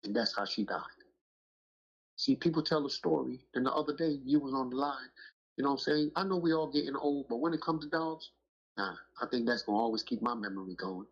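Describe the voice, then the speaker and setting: Husky middle-aged man, emphatic and slangy storyteller, muffled lo-fi sound. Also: mid-range voice, a little fast. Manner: emphatic, street slang, keeps asking "you know what I'm saying". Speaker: dog breeder on a podcast talk show. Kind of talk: casual storytelling chat. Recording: muffled lo-fi audio.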